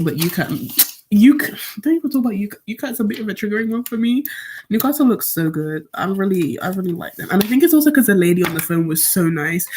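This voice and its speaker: A woman's voice: lowish voice, a little mellow, slight background noise. A seventeen-year-old woman from Nigeria chatting casually on a study live stream, rambling as she answers questions from her viewers. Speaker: student streamer.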